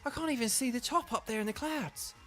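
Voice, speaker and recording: A man voicing an eager, upbeat teenage boy from a video game, reading the dialogue in an excited, bouncy voice raised well above his own. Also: very high-pitched, a little fast, faint music behind, voice pushed up.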